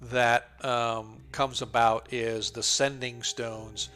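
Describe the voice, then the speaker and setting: A man's voice: mid-range voice, flat delivery, takes it slowly, bright, forceful tone. A man narrating a tabletop game as game master, loose and hesitant with many fillers.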